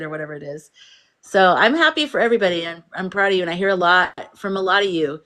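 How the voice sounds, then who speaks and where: A woman's voice: fairly low pitch, lively intonation, fast, sharp tone. A woman hosting a casual livestream, chatting freely, reading viewer comments aloud and laughing often. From United States. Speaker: livestream host.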